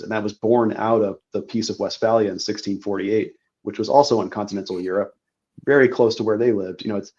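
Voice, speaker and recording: A man as an interview guest, explaining history and policy in a measured way, often repeating words as he goes. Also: on the low side, darkish tone, lo-fi sound. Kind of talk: analytical interview talk.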